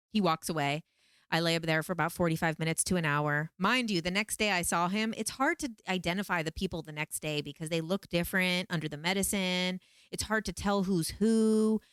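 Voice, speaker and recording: Low-voiced woman telling a story. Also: brisk, clear, resonant tone, no room sound, studio quality. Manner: animated, quotes herself in pleading high voice. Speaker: vlogger. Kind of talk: casual storytelling.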